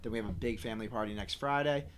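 A man's voice: fairly low pitch, racing. A man co-hosting a podcast, reflective and upbeat, swearing freely in casual chat. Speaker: podcast co-host.

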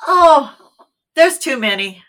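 An American woman, middle-aged, telling stories as an actor guest in a casual interview, animated and quick to laugh. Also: high voice. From United States. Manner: animated storyteller, laughs easily.

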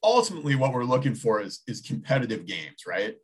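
A man in his thirties talking sports in a loose, casual way. His voice has a husky edge. He circles his points, restarting and rephrasing as he goes. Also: medium pitch, very animated, fast. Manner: rambling, many restarts, thinking aloud. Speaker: sports talk show co-host.

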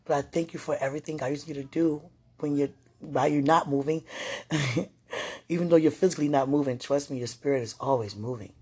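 Her voice is deep and slightly rough, and she talks fairly quickly. Casual, emotional, and affectionate, this woman rambles to a viewer about God among other things, speaking softly and sometimes sinking almost to a whisper.

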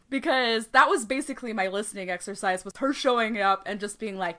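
A woman co-hosting a podcast in casual chat, telling a story with lively quoted voices, frequent laughter and swearing. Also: a little high, brisk, hardly any pauses. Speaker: podcast co-host.

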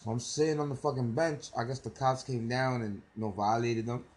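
Fast-talking young New York man. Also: medium pitch, poor audio. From the Bronx, New York. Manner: loose, profane street slang, animated retelling. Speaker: podcast co-host. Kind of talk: casual chat, storytelling.

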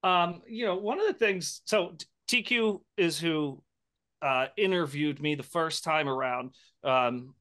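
A man co-hosting a podcast with a bright, forward voice, pitched a bit high. He talks casually and laughs easily while telling stories. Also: unhurried. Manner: laughing storyteller. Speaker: podcast co-host. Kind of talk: casual chat.

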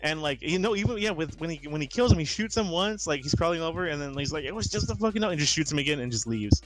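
Over soft background music, a podcast co-host chats casually about a film in a fast, fairly high voice. He asks questions and talks in hesitant, self-interrupting bursts, with many restarts and laughs.

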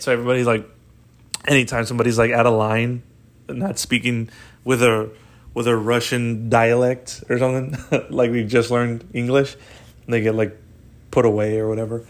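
Guy rambling on his solo podcast, mid-pitched voice, lots of likes and dudes, swears a bunch, laughs a lot. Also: flat delivery, moderate pace. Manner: rambling, profane, laughs often. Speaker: podcast host. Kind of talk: casual solo podcast monologue.

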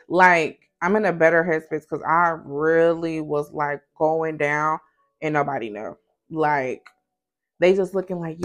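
A woman's voice: sits low, unhurried. A woman who runs a small business and hosts a podcast, talking frankly and conversationally, straight to her listeners. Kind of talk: candid motivational talk.

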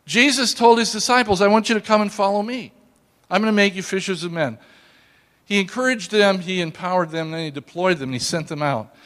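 High-voiced pastor preaching in a reverberant church. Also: male voice, brisk. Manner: emphatic, calls out to the congregation, shifts from hushed asides to loud exclamations. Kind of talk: sermon. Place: church sanctuary.

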